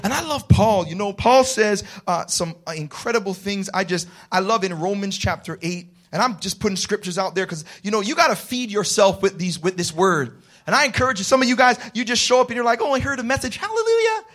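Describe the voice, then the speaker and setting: A man preaching a sermon, calling on the congregation to answer and rising into shouted, passionate passages. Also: sits high, brisk. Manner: call-and-response with the congregation. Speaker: pastor.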